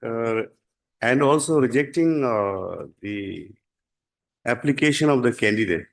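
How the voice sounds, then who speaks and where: A man with an Indian English accent arguing his own case before a judge, formal and deferential, pausing often and saying "my lord" again and again. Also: medium pitch, expressive, gravelly. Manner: halting, deferential, repeats 'my lord' constantly. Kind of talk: formal courtroom submission.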